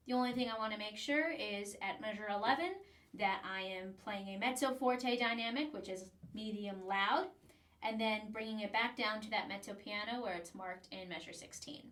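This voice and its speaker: A woman with a fairly high voice explains trombone practice one step at a time, sometimes singing a rhythm on single syllables. She sits a little back from the mic in an echoey room. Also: a bit bright, distant mic. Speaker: trombone teacher. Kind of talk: instructional demonstration.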